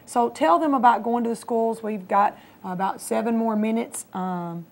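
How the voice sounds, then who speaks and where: A woman's voice: on the high side, moderate pace. A woman co-hosting a Christian TV program, encouraging her husband to tell his testimony. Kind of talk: faith testimony chat. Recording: local cable TV studio.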